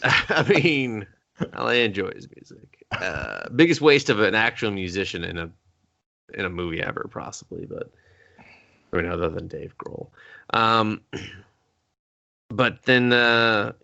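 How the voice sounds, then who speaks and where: A man co-hosting a casual movie review chat, often mimicking characters in high, exaggerated voices. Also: expressive, measured pace, creaky, long pauses, pushed and bright. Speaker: co-host. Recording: dull lo-fi audio.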